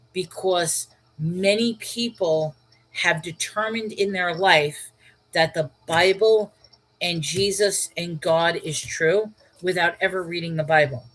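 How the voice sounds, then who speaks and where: A woman's voice: on the low side, fairly bright tone, poor audio. Woman hosting a casual Bible chat stream. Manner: conversational, thinking aloud with fillers and restarts. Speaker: livestream host reading chat. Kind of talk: casual live chat about Bible study.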